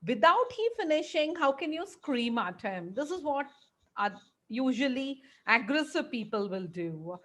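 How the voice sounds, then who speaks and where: Woman, high-pitched, classroom lecture, explanatory, frequent fillers. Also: big pitch swings, a little slow, fairly bright tone. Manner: explanatory, many fillers, acts out examples.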